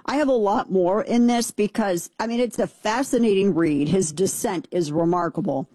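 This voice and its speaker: A woman's voice: medium pitch, normal speed, warm tone, no echo. A woman hosting a show, giving an emphatic, opinionated political commentary monologue and repeating points for stress. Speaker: show host.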